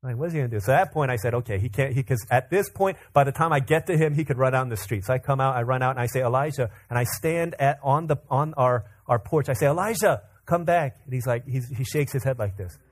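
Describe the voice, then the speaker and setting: A man preaching a sermon, telling a family story in an animated way, acting out quotes and laughing often. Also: mid-range voice, fast talker, hardly any pauses. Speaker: pastor. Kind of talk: sermon with personal stories.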